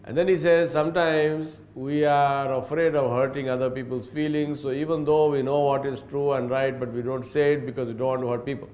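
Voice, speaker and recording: A man's voice: medium pitch, flat delivery, fairly quick, few pauses, darkish tone. A man giving a religious lecture, telling stories and slipping in Arabic phrases. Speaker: Islamic teacher. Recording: roomy echo.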